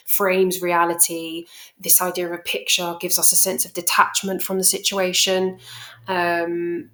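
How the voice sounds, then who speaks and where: A woman teacher talking through a poem for exam revision, thoughtful and unhurried, often pausing and restarting. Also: on the low side, fairly bright tone. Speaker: English teacher. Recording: echoey room.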